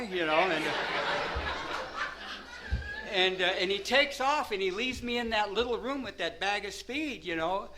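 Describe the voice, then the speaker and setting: Rambling high-voiced man telling a wild story. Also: moderate pace, pauses often, rough recording. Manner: rambling, full of "you know" and "man", laughs at himself. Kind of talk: first-person storytelling.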